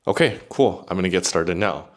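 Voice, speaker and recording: A man's voice: deep voice, fairly quick. A man hosting a casual tech review video, chatting with an AI assistant as he goes. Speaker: tech YouTuber.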